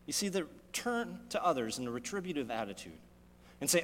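A man preaching a sermon as pastor, with big swings between loud, raised passages and quiet, low asides. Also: sing-song, brisk. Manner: dynamic preaching with sharp swings in loudness and pitch. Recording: long reverb of a large hall.

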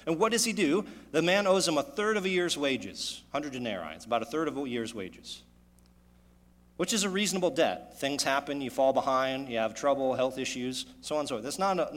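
A man preaching a sermon, animated and full of rhetorical questions, his voice echoing in a church hall. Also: mid-range voice. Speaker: pastor.

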